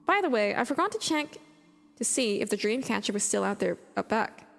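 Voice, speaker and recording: A woman's voice: medium pitch, very animated, brisk, creaky, long reverb tail, soft background music. A woman streamer reading horror stories aloud on a live stream, breaking off into chatty, rambling asides full of "like".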